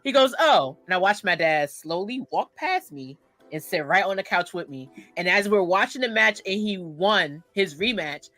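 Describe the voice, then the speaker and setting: A woman hosting a podcast, talking in a casual, animated, rambling way with lots of fillers. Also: lowish voice, moderate pace, no room sound. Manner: animated, rambling, says "like" often. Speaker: podcast host.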